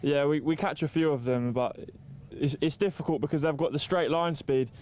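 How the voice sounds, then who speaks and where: Man, racing driver, calm, measured, smooth resonant voice. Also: a little high.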